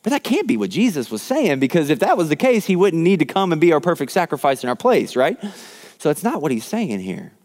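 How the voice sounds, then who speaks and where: Animated male preacher in a reverberant hall. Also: on the high side, fairly quick. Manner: animated storytelling, acts out quoted lines. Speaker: pastor. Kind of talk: sermon.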